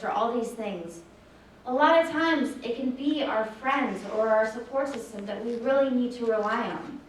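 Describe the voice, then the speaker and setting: Woman presenter, high voice, earnest, distant mic in a very echoey hall. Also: slight background noise. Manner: earnest, acts out shouted lines in a story. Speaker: suicide prevention presenter. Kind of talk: presentation with storytelling. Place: large echoey room with audience. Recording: very echoey room from far off.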